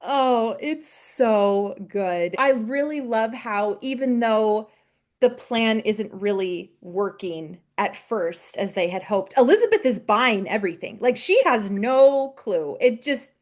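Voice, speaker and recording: A woman's voice: fairly high pitch, animated, slow. A woman co-hosting a podcast, chatting casually about a TV episode, gushing, laughing often and acting out characters' lines. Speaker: podcast co-host. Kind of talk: casual chat recapping a TV episode.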